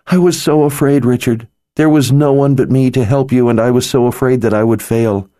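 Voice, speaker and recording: A man's voice: lowish voice, expressive, moderate pace, mellow, dry recording, clean studio sound, voice pushed up, natural voice. A man voicing an earnest young sorceress. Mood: afraid. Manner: earnest, pleading. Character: earnest worried young female sorceress healer.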